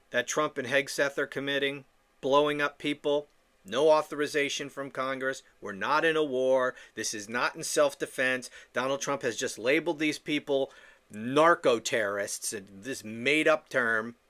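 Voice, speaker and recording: A man's voice: mid-range voice, a bit bright. A man hosting a political podcast, ranting in an indignant, profane monologue with stammering restarts. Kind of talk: opinion monologue.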